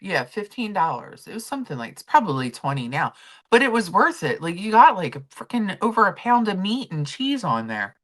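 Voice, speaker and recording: A woman chats through a live stream, her voice low yet swinging widely up and down as she tells stories. She reads out viewers' messages between anecdotes in a loose, talkative manner. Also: very animated, a little fast, fairly bright tone. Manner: chatty storytelling, reading chat aloud. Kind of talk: casual chat with chat readers.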